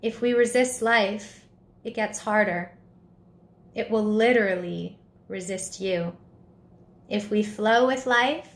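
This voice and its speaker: A woman reading a children's story aloud, voicing a gentle, wise female butterfly who speaks sweetly and patiently. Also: medium pitch, roomy sound.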